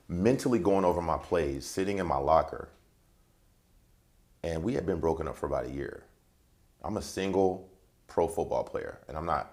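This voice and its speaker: Very deep-voiced man telling a lively story. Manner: vivid storyteller who acts out the voices in his story. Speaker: transition coach, interview guest. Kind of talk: animated personal storytelling. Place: TV interview set.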